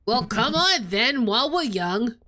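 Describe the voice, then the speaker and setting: A relaxed, blunt prison guard who sneers in easy slang, voiced lower than the performer's usual talk, by a woman putting him on. Light game music plays behind. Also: measured pace, heavily acted. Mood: mocking. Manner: laid-back, mocking, slangy. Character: casual male prison guard, cheerfully blunt.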